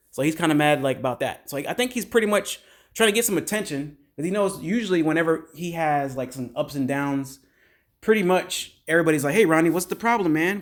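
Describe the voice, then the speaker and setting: Male host, slightly high voice, loose rambling recap full of fillers. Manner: rambling, filler-heavy retelling with "like" and "you know". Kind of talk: casual episode recap.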